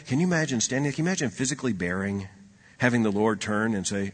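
Man, preacher, sermon, husky voice, long hall reverb, loud emphasis then hushed asides. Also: fast. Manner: swings between loud emphatic lines and hushed low asides.

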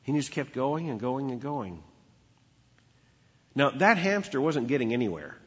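Husky preacher in an echoing hall. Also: male voice, mid-range voice, sing-song, measured pace. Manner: storytelling preacher, emphatic repetition. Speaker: pastor. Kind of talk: sermon. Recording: dull lo-fi with long hall reverb.

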